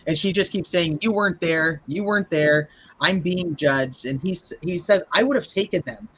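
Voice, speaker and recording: A man hosting a podcast, chatting casually and quickly retelling court testimony he wrote down. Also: fairly high pitch, a bit bright, breathy edge, highs cut off. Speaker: podcast host. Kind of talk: casual chat.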